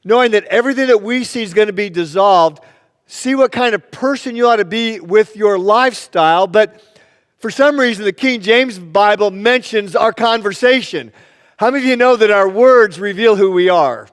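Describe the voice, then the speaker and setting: A pastor with a notably high, clear and resonant voice preaches from the pulpit at normal speed, his words carrying through a church sanctuary with a long reverb tail. He slips easily into storytelling and plays out the joke by giving the people in it their own voices.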